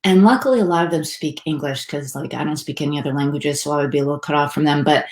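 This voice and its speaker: A woman with a fairly low voice talks loosely and chattily to a group, often restarting her sentences and laughing at herself. The room around her is echoey. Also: fast. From United States. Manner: chatty and self-deprecating, with many restarts and fillers. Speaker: speaker teaching a class on happiness. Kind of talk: casual talk to a live audience.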